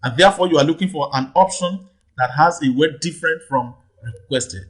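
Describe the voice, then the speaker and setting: A man's voice: a little high, a little fast, husky, rough recording. A male tutor patiently explaining exam answers, repeating question numbers and checking with "right?". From Nigeria. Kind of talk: teaching lesson, explaining answers.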